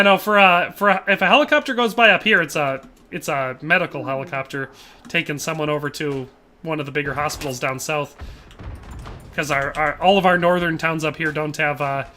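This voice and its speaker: Male game streamer, high bright voice, rambling casual chat with viewers, desktop mic. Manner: rambling, animated, laughs often, trails off and restarts. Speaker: gaming livestream host.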